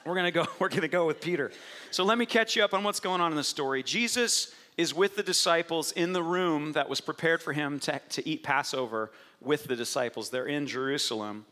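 A man preaching an Easter sermon to a congregation, animated and playful, telling the story with lively acted-out quotes. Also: on the high side, a little fast. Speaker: pastor. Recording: echoey hall with long reverb.

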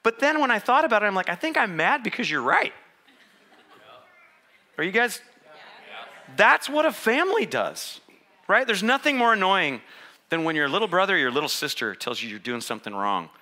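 A man preaching to his congregation, cracking jokes and playing out both sides of his story. His voice sits high and very bright, and his pitch leaps up and down as he performs. He sounds middle-aged and quick to laugh. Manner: animated, joking storyteller acting out voices. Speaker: pastor. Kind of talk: sermon.

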